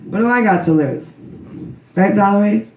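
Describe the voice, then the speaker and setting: A grieving mother, hoarse from a cold, delivers a rambling, emotional memorial tribute to her daughter in a memorial service room. Her voice is mid-range and slightly mellow, at a moderate pace. Someone in the room captured it from a distance, so the sound is dull, roomy, and far away.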